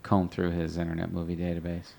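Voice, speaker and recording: Woman, podcast co-host, casual chat, very low voice, gravelly. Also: monotone, fast talker, a little mellow. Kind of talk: casual chat recapping a sitcom.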